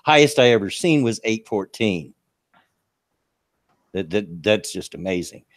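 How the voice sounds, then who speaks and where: A man's voice: on the low side, animated, measured pace, no echo. A man hosting a casual talk show, telling a story with frequent chuckles and restarts. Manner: chatty, laughs through his own story, frequent restarts.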